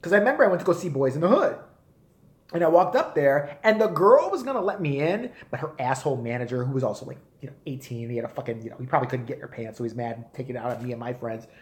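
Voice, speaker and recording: A man in his forties ranting on a live stream, profane and animated. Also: mid-range voice, racing, echoey room. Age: 40s. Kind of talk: casual rant.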